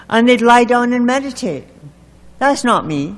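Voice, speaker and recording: A woman's voice: a little high, animated, normal speed. A woman telling her recovery story to a group, candid and wry, with self-mocking humor. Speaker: recovering alcoholic sharing at a meeting. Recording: echoey meeting hall recording.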